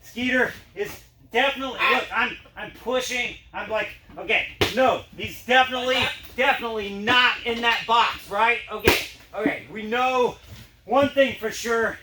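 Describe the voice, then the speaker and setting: High-voiced guy doing a dog trick show, chatty and goofy, noisy room, far off. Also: moderate pace, roomy sound. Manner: playful, animated, chatty with his dogs. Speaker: juggler and dog trick performer. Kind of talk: storytelling to an audience during a show. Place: performance space.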